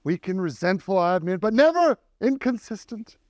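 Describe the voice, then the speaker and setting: A man's voice: high-pitched, sing-song, moderate pace, no echo, clean studio sound, voice pushed up. A man voicing a jovial male android with a pirate swagger that glitches into a formal, old-fashioned lilt. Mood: solemn.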